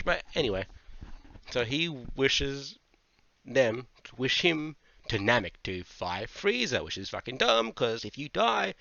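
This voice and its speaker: A man giving a casual manga review, animated, swearing freely and going off on tangents. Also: medium pitch, moderate pace, gravelly, dry recording. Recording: dull lo-fi dry mic.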